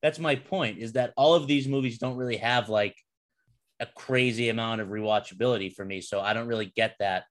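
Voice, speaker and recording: A young adult man hosting a podcast in casual chat, animated and swearing, laughing between his points. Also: mid-range voice, brisk. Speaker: podcast host.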